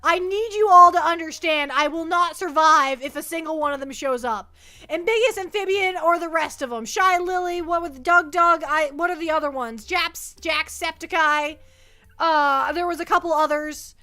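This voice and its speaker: Very high, bright, excitable woman streamer. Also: moderate pace. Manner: excitable, giggly, stammering. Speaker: VTuber streamer. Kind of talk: casual livestream chat.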